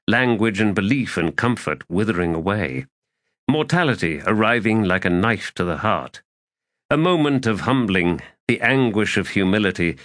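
A man reading a fantasy audiobook in a measured, solemn way. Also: on the low side, a bit bright, no room sound, clean studio sound. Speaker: audiobook narrator. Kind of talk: scripted fantasy narration.

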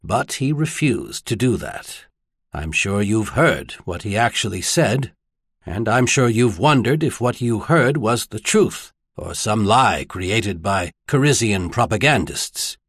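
Male narrator doing a grave middle-aged churchman, flat, controlled and intense, with a husky edge. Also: on the low side, a little slow, no echo, studio quality, heavily acted.

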